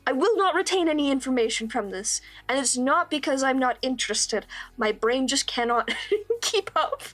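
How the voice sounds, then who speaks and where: A woman's voice: high-pitched, expressive, moderate pace, fairly bright tone, soft background music. A young woman streaming while she draws, chatting casually in a rambling, self-deprecating way and laughing often.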